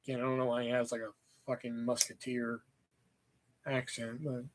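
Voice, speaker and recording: A man's voice: mid-range voice, level tone, normal speed, slight background noise. A man hosting a casual livestream, chatting with viewers in a profane, joking, rambling way. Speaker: livestream host.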